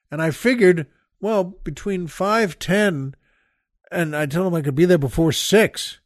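A man's voice: a little high, animated, no room sound, clean studio sound. Rambling older man telling a story. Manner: rambling, halting, with many restarts and asides to the listener. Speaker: podcast host. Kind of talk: casual storytelling monologue.

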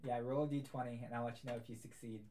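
A young adult game master running a tabletop game in a relaxed, amused way with many fillers. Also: medium pitch, racing, a little hiss or hum.

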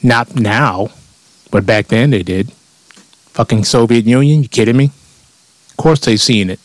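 A man's voice: medium pitch, measured pace, no echo. A man delivering a blunt, profane comedic rant and mocking his critics.

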